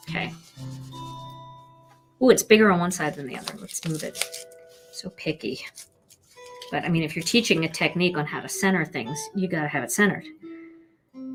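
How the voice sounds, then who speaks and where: A woman's voice: fairly low pitch, expressive, fairly quick, long pauses, faint music behind. A woman teaching card stamping on a live stream, chatty and playful as she talks viewers through each step. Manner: chatty and playful, talking to viewers while working. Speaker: card-making instructor.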